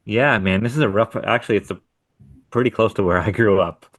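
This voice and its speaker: Speaking a little fast in a fairly low voice, this podcast co-host shares laid-back, foul-mouthed stories from his hardscape contracting jobs during casual conversation. The recording has no echo.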